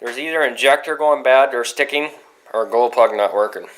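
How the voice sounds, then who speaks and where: A young man vlogging casually, telling a rambling, profane story about his day with excitable outbursts. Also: mid-range voice, a little fast, rough recording.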